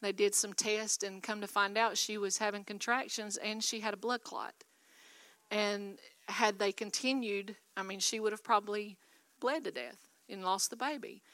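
A woman's voice: mid-range voice, fairly even intonation, normal speed, bright, forceful tone, no room sound. A woman preaching a sermon, exhorting her listeners and asking for their responses. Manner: exhorting, call-and-response with audience. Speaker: guest speaker.

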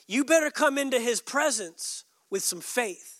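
A male pastor preaching a sermon, emphatic, dropping suddenly soft and adding joking asides to the congregation. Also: very high voice, expressive, measured pace, no echo, clean studio sound.

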